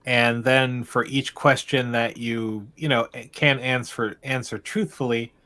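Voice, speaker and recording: Male game master, mid-pitched voice, loose narration full of restarts, tabletop session. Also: steady tone, pushed and bright. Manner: meandering, halting narration with frequent restarts.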